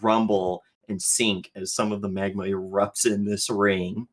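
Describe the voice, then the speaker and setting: A man's voice: on the low side, flat delivery, a little slow. A man narrating as game master in a tabletop role-playing game, vivid and laughing, with some swearing.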